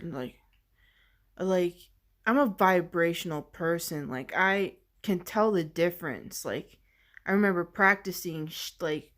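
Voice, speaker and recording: A woman vlogger recounting a personal experience in a halting, searching way, earnest and emotional, leaning heavily on "like". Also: on the low side, a bit bright. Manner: halting and searching, heavy use of "like". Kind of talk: personal storytelling.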